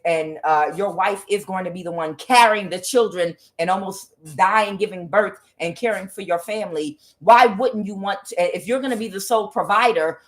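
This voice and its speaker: Woman, middle-aged, tarot reader, casual rant, rambling, filler-heavy, animated. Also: medium pitch.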